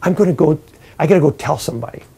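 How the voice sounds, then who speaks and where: A man's voice: a little high, expressive, very fast, warm tone, slightly rough, full character voice. A priest voicing a boastful, scheming man trying to sneak into heaven, in a storytelling sermon. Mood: pleading. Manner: pleading, bragging.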